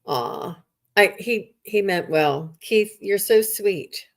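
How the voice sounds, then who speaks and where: A woman's voice: mid-range voice, slow pace. A woman psychic medium chatting on a live stream over a video call, reassuring and greeting viewers by name.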